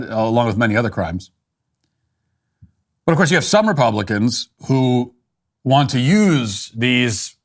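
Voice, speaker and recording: Dry-toned male commentary host. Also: lowish voice. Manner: dry, dismissive, with frequent restarts and fillers. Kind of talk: political commentary.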